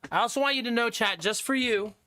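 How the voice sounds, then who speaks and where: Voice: medium pitch, fast, pushed and bright. A streamer chatting casually with viewers on a live stream, laughing often and thanking supporters.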